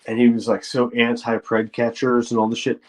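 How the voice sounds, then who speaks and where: A man's voice: medium pitch, completely flat delivery, normal speed, low-quality recording. A man hosting a livestream, talking in a rambling, profane way with frequent restarts. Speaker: livestream host. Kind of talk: casual livestream rant.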